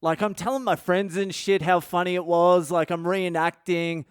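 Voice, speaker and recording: A man's voice: high-pitched, steady tone, moderate pace, clean tone, no room sound. Male podcast host, swears freely and laughs through his story, close dry sound. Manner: profane, candid, laughs at his own story. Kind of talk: casual storytelling monologue.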